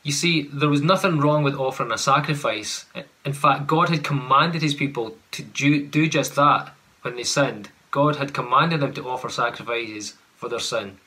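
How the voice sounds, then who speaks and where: A man's voice: mid-range voice, moderate pace, sharp tone. A man preaching a sermon, earnest and full of rhetorical questions, at times acting out sarcastic paraphrases.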